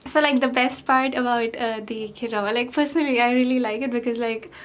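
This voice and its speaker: A woman's voice: fairly high pitch, fairly even intonation, a little fast. A young woman vlogger talking through her makeup routine in a rambling, chatty way, full of fillers and self-deprecating asides. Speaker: beauty vlogger. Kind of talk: chatty get-ready-with-me makeup talk.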